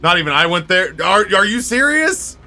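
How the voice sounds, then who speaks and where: Bright-voiced man streamer joking with chat. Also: high voice, sing-song, moderate pace, soft background music. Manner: rambling, joking, crude banter with chat. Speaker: game streamer. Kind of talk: casual live-stream chat while gaming.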